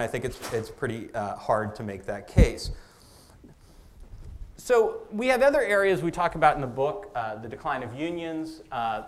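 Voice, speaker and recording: Halting man giving a lecture. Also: mid-range voice. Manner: halting, with many restarts and fillers. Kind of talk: public lecture on policy.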